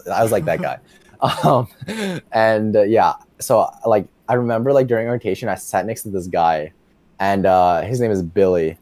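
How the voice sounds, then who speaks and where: A man's voice: lowish voice, a little fast, darkish tone, no room sound. Young man rambling through a story. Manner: rambling, full of "like", laughs often. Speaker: podcast guest. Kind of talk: casual storytelling chat.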